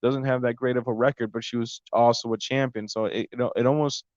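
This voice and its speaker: A man's voice: medium pitch, steady tone, fairly quick, dry recording, muffled recording. A man hosting a podcast, recapping fights in a casual, rambling monologue and stumbling over names. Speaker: podcast host. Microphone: close mic.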